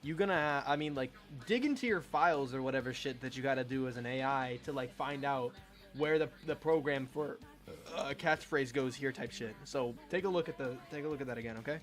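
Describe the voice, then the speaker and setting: A male streamer chatting casually on a live stream, excitable, swearing and laughing often. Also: mid-range voice, a little fast, faint music behind.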